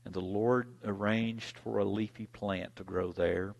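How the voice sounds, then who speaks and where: A male preacher reading scripture and telling a story in a sermon, with dramatic swings in loudness. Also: lowish voice, steady tone, unhurried, gravelly. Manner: dramatic, dynamic delivery, big swings in loudness.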